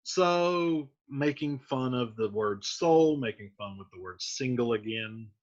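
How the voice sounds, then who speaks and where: A man explaining a play in a relaxed, chatty classroom manner, with frequent fillers. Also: medium pitch, unhurried. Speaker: teacher. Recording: dull lo-fi recording.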